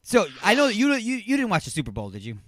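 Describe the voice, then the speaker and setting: Middle-aged man, radio host, casual call-in chat, excitable, jokey, lively pitch, dry studio mic. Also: quick pace, no room sound.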